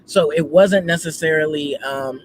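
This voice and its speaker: Man, gospel singer guest, goofy, lots of ums, higher voice, faint noise behind. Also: normal speed, poor audio. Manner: goofy, animated, many fillers. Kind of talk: casual interview chat.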